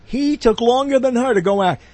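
A man with a very high-pitched, slightly mellow voice talks briskly as he hosts a show. His chatty, meandering monologue is full of self-interruptions and asides.

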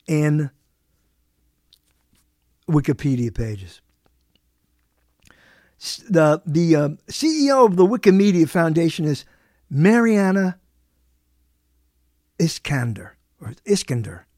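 On a live talk show, a male radio host with a voice on the high side and a darkish tone rambles and digresses, frequently cutting himself off mid-sentence. He is captured through a studio microphone at studio quality with no room sound.

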